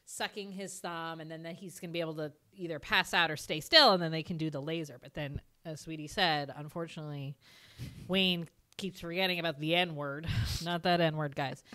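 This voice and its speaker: A woman co-host in a relaxed podcast chat, adding quick agreement and playful asides. Her voice is bright and forward but sits a little low. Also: clear, resonant tone. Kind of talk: casual movie recap chat.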